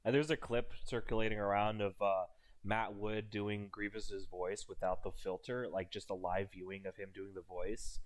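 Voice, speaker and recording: A man's voice: lowish voice, level tone, normal speed. A man streaming, chatting casually in reaction to a video and rambling as he thinks aloud. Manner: rambling, with fillers and restarts.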